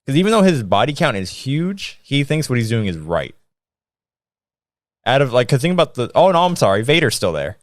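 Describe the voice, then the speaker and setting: A man co-hosting a casual podcast, animated and joking as he thinks aloud. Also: mid-range voice, fairly quick, no echo, clean studio sound. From United States. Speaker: podcast co-host. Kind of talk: casual chat.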